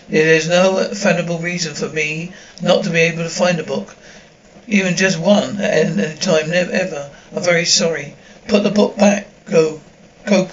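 Man, fairly high voice, reads dubbed drama with sound cues, dull recording. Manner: reads sound cues aloud between lines.

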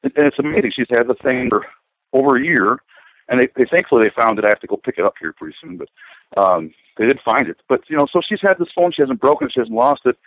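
A man's voice: mid-range voice, very animated, quick pace. A middle-aged man talking casually, rambling and hesitant, with many fillers and restarts. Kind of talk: casual conversation. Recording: dull lo-fi sound.

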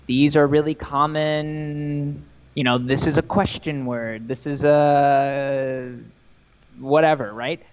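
Rambling, animated young man on a lo-fi call. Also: fairly high pitch, slow pace, clear, resonant tone. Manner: rambling, animated, swears freely. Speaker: podcast co-host. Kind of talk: casual chat.

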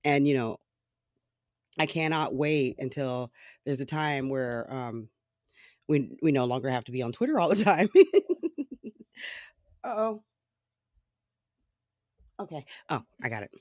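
Speaking at a measured pace with long pauses, this man has a medium-pitched, expressive voice. He hosts his own podcast, ranting casually about politics with plenty of swearing, sarcasm, laughter and rambling fillers. The sound is studio quality, without echo.

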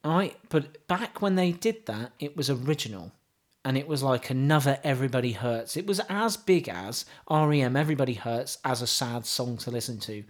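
A man's voice: mid-range voice, expressive, normal speed. A man co-hosting a casual chat podcast, mocking and laughing often as he picks apart songs. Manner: mocking, laughs often, reads lyrics aloud with scorn. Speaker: podcast co-host.

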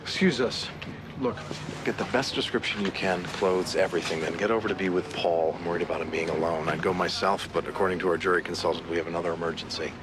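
An actor playing a smug, sarcastic lawyer. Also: male voice, deep voice, fairly even intonation, fast, background noise, lightly acted. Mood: urgent. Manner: dry, sarcastic. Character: sharp, smug male defense lawyer. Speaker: lawyer in a TV drama.

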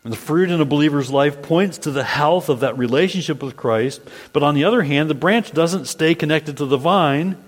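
Man, pastor, preaching, earnest, repetitive cadence, church hall reverb. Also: a little high. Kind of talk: sermon. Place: church sanctuary.

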